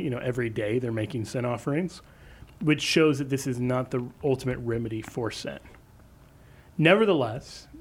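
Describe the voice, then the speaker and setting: A man from the Kansas City area speaks as a guest in a radio studio. He answers callers' questions with fluent, well-ordered explanations, sometimes speeding up. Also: medium pitch. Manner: fluent explanatory, quick bursts. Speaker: apologist guest.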